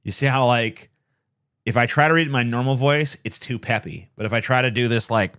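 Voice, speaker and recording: A man's voice: mid-range voice, fairly quick, fairly bright tone, clean tone. A man streaming late at night, chatting casually in a rambling, profane, self-deprecating way.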